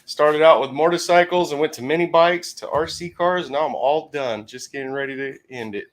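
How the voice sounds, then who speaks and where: A man's voice: on the high side, moderate pace. An older man hosting a casual live stream from his garage workshop, talking in a laid-back, rambling way.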